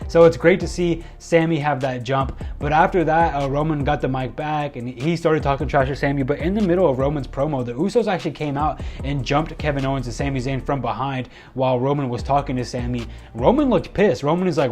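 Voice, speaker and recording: A man with a voice a little above the usual male range, talking through a wrestling show recap in an excitable, rambling way. He restarts his sentences often, and faint music plays softly behind him. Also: a little high, fairly quick. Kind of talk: casual spoken recap.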